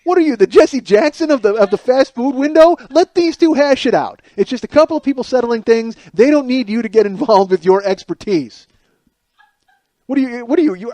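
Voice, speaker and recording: A comedian hosts his own podcast alone, riffing through an exasperated and sarcastic monologue laced with profanity. His voice sits high for a man. The recording is close and dry, with no room sound. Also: mellow, no room sound.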